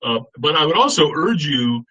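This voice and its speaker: A man's voice: fairly high pitch, sing-song, normal speed, pushed and bright, muffled recording. A middle-aged American man giving an earnest seminar lecture, often restarting his phrases with fillers. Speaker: guest speaker.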